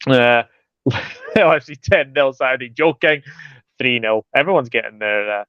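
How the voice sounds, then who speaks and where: A man's voice: mid-range voice, normal speed, dry recording, dull audio. Chatty man reading viewer comments. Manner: chatty, greets viewers by name, many fillers. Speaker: football channel host reading live chat. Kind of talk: casual livestream chat.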